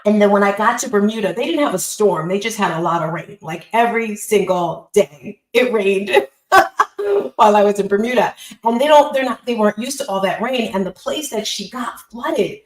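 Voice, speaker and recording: A woman's voice: mid-range voice, animated, normal speed, roomy sound, low-quality recording. A woman hosting a live online call as a business coach, giving an upbeat, emphatic motivational talk and repeating phrases.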